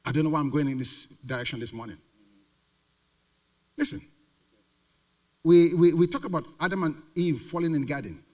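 A pastor preaching a sermon with emphatic repetition and rhetorical questions. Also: male voice, fairly high pitch, moderate pace, long pauses, a little mellow. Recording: reverberant hall.

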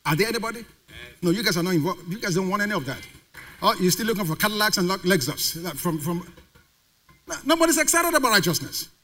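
A man's voice: sits high, quick pace, fairly bright tone. A male pastor preaching a sermon to a congregation, putting questions to the crowd and having them call the answers back. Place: church sanctuary.

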